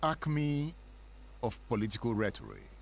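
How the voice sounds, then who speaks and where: A man's voice: medium pitch, huge pitch swings, a little slow, vocal fry, a little hiss or hum. A man from Nigeria hosting a dramatic spoken history talk, with a sermon-like cadence and frequent rhetorical questions. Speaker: host.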